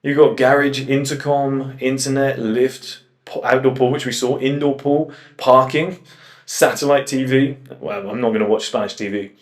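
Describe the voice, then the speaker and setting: A young man talking in a casual vlog, animated and swearing, telling travel stories with quoted asides. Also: mid-range voice, moderate pace. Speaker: host.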